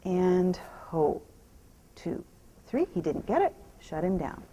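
A woman horse trainer talking out loud while she rides, softly praising the horse and explaining each step. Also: lowish voice, big pitch swings, slow, lo-fi sound, a little hiss or hum. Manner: soothing praise to the horse, mixed with quiet running explanation. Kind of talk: narrating while riding.

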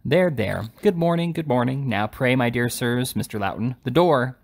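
A man voicing a fussy, anxious little lawyer in a raised, flustered voice with a gravelly edge. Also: lively intonation, moderate pace. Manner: fussy, flustered, higher-pitched.

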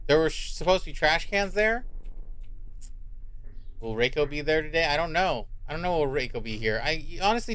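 A man's voice: a little high, a bit bright. Jittery man giving casual game commentary. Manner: jumpy, reactive and profane, with repeated worried remarks. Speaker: streamer.

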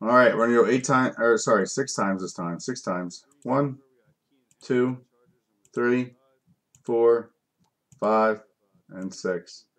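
A man's voice: mid-range voice, takes it slowly, long pauses. Male card break host; frustrated, profane, mutters card names between complaints. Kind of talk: live card break commentary.

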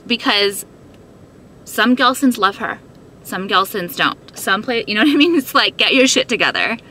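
Here a woman with a mid-range voice speaks at a moderate pace, animated, bright, and forceful, over slight background noise. She's recording herself on a phone in her hand, venting upset to camera, cursing often and filling her talk with "like."

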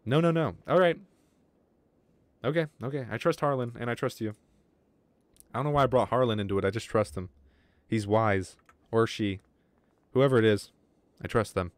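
Male streamer, rambling and jokey, foul-mouthed, dry close sound, mid-pitched. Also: moderate pace, pauses often, no echo. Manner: rambling, joking, swears a lot. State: wheezy breathing from asthma. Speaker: gaming streamer. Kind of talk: casual livestream chat.

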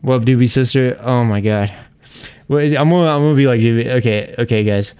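A man's voice: medium pitch, fairly quick, background noise. A young man streaming a game live, chatting with viewers, laughing, venting frustration and swearing. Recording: faint music behind.

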